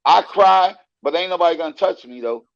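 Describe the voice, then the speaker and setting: A man guest telling stories in a casual interview, animated and profane, acting out the voices he quotes. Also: sits high, a little fast, gravelly, dull audio, noisy background. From United States.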